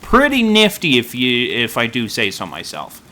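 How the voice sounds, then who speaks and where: A man's voice: mid-range voice, huge pitch swings, moderate pace, bright, forceful tone, a little hiss or hum. A man giving casual, rambling gameplay commentary, self-deprecating and full of dad jokes. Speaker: gaming YouTuber.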